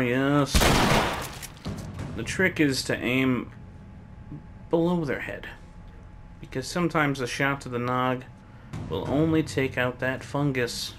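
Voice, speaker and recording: Man, let's play commentary, sarcastic, swears a lot, slow talker, hissy recording. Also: medium pitch. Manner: sarcastic, joking, swears often. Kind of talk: gameplay commentary.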